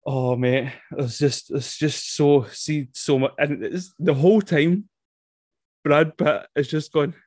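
A man co-hosting a casual film review podcast, excitable and laughing a lot. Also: on the high side, slow pace, no echo, studio quality. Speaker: podcast co-host.

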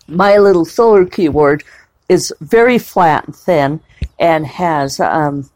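A woman's voice: low-pitched, a little mellow, dry recording. A woman novelist chatting casually at home in a rambling, digressive way, with plenty of fillers. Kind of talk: casual vlog chat.

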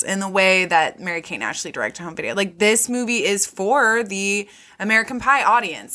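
A woman's voice: mid-range voice, expressive, moderate pace, few pauses, bright, forceful tone. A woman co-hosting a podcast, chatting casually and animatedly, quoting film scenes in put-on voices and swearing freely. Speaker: podcast co-host. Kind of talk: casual chat.

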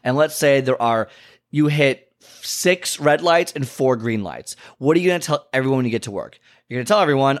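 Male fitness coach, casual advice talk, mid-pitched, animated storyteller who voices both sides of a conversation. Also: fairly quick. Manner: animated storyteller, acts out clients and himself with big pitch jumps; conversational, frequent "okay?" and "you know" asides. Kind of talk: casual talking-head advice.

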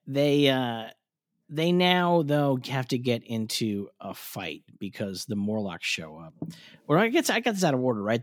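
A man rambling through a cartoon recap with his co-host, full of ums and false starts. His pitch rises and falls in a lively way as he talks. The sound is close and dry, with no room around it. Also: no room sound. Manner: rambling, lots of ums and restarts, swears casually. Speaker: podcast co-host. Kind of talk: casual chat recapping a cartoon episode.

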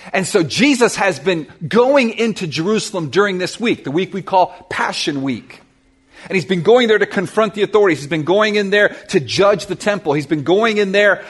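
A man preaching a sermon to his church, telling a Bible story with lively questions to the congregation. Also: high voice, husky. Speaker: pastor.

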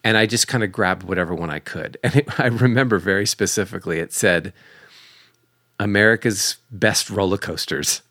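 A man's voice: sits low, fast talker, few pauses, dry recording, clean studio sound. A man co-hosting a podcast, telling a funny story in casual chat with lots of laughter and acted-out voices. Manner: animated, laughing storyteller acting out quoted voices. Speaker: podcast co-host.

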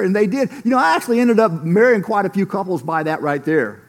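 A man with a fairly high voice and a gravelly edge delivers a sermon from the pulpit. He preaches earnestly and tells stories from his ministry, often dropping in a casual "man". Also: lively intonation, fast talker, hardly any pauses. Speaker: pastor.

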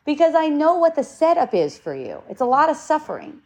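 A woman's voice: sits high, huge pitch swings, a little fast, darkish tone. A woman giving earnest spiritual advice in casual talk, swearing now and then.

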